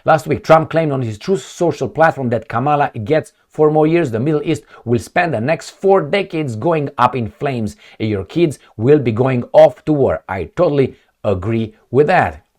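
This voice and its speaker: A man does solo news commentary, reading headlines and then tearing into them with blunt sarcasm. His voice swings widely in pitch while his overall register stays middling. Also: expressive, normal speed, few pauses, darkish tone. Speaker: political commentator.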